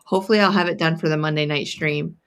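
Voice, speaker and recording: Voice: medium pitch, steady tone, quick pace, gravelly, a bit bright, clear, resonant tone. A co-host chats casually over a livestream, easygoing and talkative. Now and then the voice slides into a nasal way of saying things. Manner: chatty, slips into a nasal family accent for fun.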